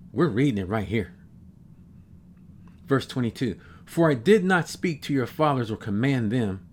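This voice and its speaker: Slow, emphatic preacher man in his fifties. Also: fairly low pitch, a little mellow, slight background noise. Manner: slow, emphatic, repeats verses with exclamations. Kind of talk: sermon with scripture reading.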